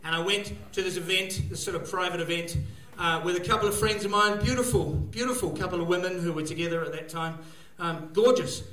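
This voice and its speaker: With a high, fairly bright voice, a comedian rattles through a crude, meandering set fairly quickly and with few pauses. Cracking himself up, he performs for a live audience at a comedy gig venue with echoey acoustics.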